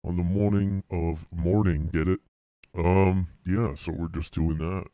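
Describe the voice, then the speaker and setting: Man, casual solo podcast, rambling and irreverent, deep clean voice, dry sound. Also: flat delivery, a little slow, warm tone, dry recording. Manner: rambling, irreverent, repeats phrases. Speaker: podcast host. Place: his room.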